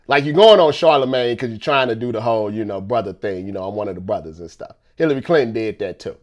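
A man's voice: mid-range voice, animated, fast. A man talking in a casual rant, repeating himself and firing off rhetorical questions.

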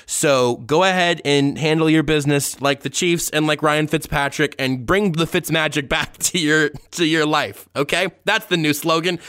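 A man's voice: a little high, normal speed, hardly any pauses, a bit bright, clean tone, dry recording, clean studio sound. A man hosting a sports podcast, reading a sponsor ad in a rambling, jokey way that trails off into awkward asides. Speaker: podcast host. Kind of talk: casual chat with a read-out sponsor ad.

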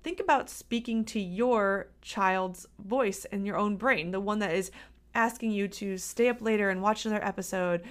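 An upbeat woman hosts her own podcast, chatting directly to listeners like a coach. Her voice sits in a mid pitch, and she sounds friendly and encouraging. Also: normal speed. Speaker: podcast host and dietitian. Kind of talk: solo podcast talk.

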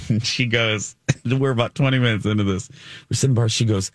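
A man co-hosting a morning radio show, telling a story in an animated way and laughing often. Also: medium pitch, normal speed, no room sound, clean studio sound. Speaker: radio co-host. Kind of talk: casual morning radio chat.

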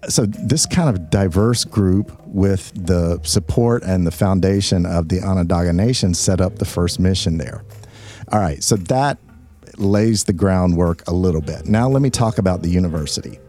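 Mellow-voiced man telling history casually. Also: sits low, normal speed, faint music behind. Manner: chatty, explains history with jokes and asides. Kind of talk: casual storytelling chat.

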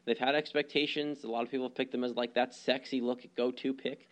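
Man co-hosting a casual sports podcast, mid-pitched voice, wanders through his points with ums. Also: little pitch movement, fairly quick. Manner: rambling, lots of ums and restarts. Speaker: podcast co-host.

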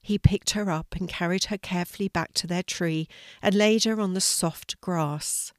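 An older woman, a grandmother, gently reading a children's story aloud. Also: lowish voice, fairly even intonation, normal speed, dry recording, studio quality.

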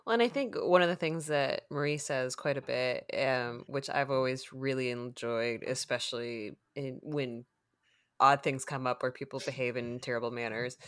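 A woman's voice: extremely low pitch, moderate pace, no echo, studio quality. A woman hosting a podcast, talking reflectively in casual chat, with loose fillers. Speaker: podcast host.

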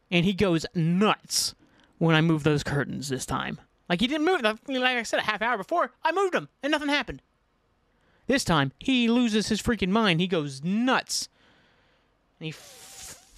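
A podcast host tells a funny story on his own, keeping it casual, animated and full of swearing. He mocks himself and acts out his own panic, his voice sitting high with no room sound.

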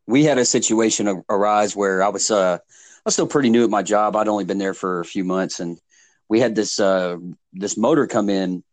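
A man with a fairly low voice, talking calmly and plainly as he explains technical work. The sound is dry and close, with no room echo. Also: moderate pace. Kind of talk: casual chat, explaining.

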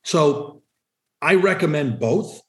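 A man's voice: a little high, animated, slow, darkish tone, echoey room. A man answering podcast questions about business phone numbers in a direct, emphatic way. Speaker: vanity phone number seller. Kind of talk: conversational podcast interview answers.

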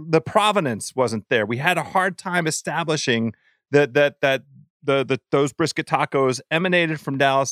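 A man hosting a podcast, chatting casually about food, animated and laughing, with stumbling restarts. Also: a little high, no room sound, studio quality. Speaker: podcast host.

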